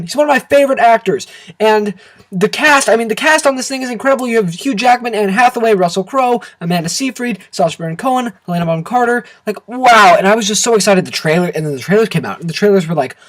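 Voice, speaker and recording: A man reviewing a film to camera in an excitable, animated rant full of exaggerated outbursts. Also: high voice, rough recording. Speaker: movie reviewer.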